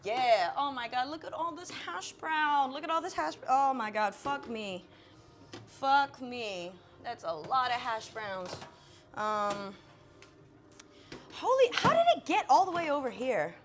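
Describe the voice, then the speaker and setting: A high-voiced woman chatting to her stream as she cooks, flustered and quick to swear, then coaxing herself back into calm. She talks in an unhurried way, stretching her words out. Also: noisy background. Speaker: live streamer. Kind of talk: casual live-stream chat while cooking.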